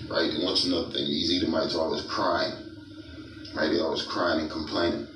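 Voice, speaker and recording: A man preaching from scripture, reading verses aloud and mocking his targets with chuckles and a steady "right?". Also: rumbling low, fairly quick, slight background noise. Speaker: street preacher. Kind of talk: scripture-reading sermon commentary. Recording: echoey room, mic far off, music behind.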